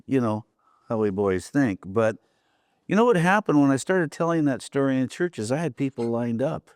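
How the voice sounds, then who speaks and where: A man's voice: medium pitch, darkish tone, no room sound, clean studio sound. A man hosting a recovery talk show, speaking earnestly and openly. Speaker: host. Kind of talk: casual conversation.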